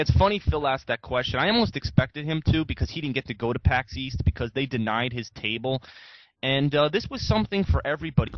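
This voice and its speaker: A man's voice: mid-range voice, no echo, dull audio. A young man talking as a podcast guest, rambling and frank, swearing casually. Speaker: guest YouTuber.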